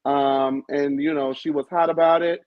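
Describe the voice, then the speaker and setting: A man hosting a casual review panel, sassy and theatrical with quick comebacks, over a video call. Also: fairly high pitch, steady tone, dry recording. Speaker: panel host. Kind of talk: casual pop-culture review chat. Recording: dull lo-fi dry audio.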